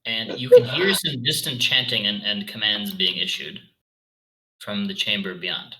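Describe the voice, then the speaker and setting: Bright-voiced dungeon master. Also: male voice, lowish voice, measured pace, a little hiss or hum, poor audio. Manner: apologetic, self-correcting rulings. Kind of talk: running a tabletop game.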